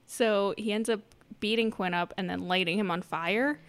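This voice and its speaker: A woman's voice: medium pitch, moderate pace, smooth. A woman recapping a film in casual chat, laughing often and adding dry asides. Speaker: podcast co-host.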